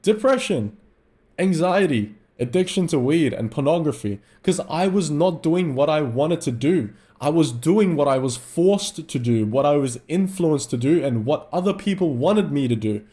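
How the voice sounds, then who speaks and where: Young Aussie guy, higher-pitched, swearing, fired-up mindset vlog monologue. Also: lively intonation, moderate pace, warm tone. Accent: Australian. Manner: intense, profane, ranting. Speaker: mindset vlogger. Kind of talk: motivational monologue.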